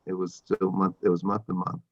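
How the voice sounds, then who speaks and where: A man's voice: low voice, monotone, a little fast, highs cut off. A man speaking as a landlord at a public hearing over a video call, defensive and repetitive. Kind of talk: public meeting testimony.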